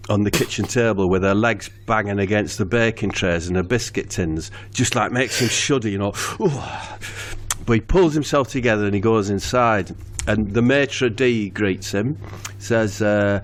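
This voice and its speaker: A man, telling a rambling comic story to a co-host in a deadpan way. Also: fairly low pitch, normal speed. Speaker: comedy podcast storyteller.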